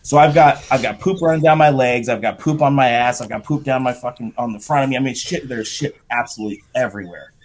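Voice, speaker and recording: A middle-aged man, a podcast guest, telling a profane, animated story in casual talk. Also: medium pitch, fast, hardly any pauses, slight background noise. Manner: profane, animated anecdote with shouted quotes.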